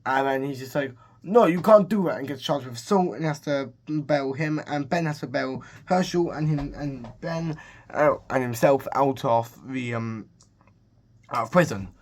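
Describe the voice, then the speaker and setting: A man casually retelling a film's plot, rambling along with lots of restarts and filler phrases. His voice sits at an ordinary middle pitch. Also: moderate pace. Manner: rambling, full of restarts and "he's just like". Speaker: movie reviewer. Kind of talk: casual film recap.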